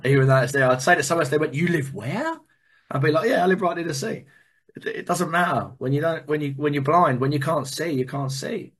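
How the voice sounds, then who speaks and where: Man, earnest recovery testimony, animated storytelling, fairly high voice. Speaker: recovery speaker. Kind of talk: personal testimony talk.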